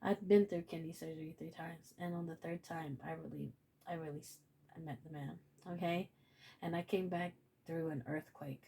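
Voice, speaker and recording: A woman's voice: sits low, steady tone, moderate pace, creaky, dark tone, husky. A woman giving a casual spiritual reading to camera, blunt and profane, repeating phrases and laughing often. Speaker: tarot reader.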